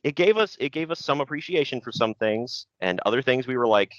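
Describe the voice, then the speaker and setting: A man's voice: on the low side, quick pace, hardly any pauses, dry recording. A man hosting a podcast in casual chat, easygoing and rambling with lots of fillers and restarts. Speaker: podcast host. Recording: dull, lo-fi sound.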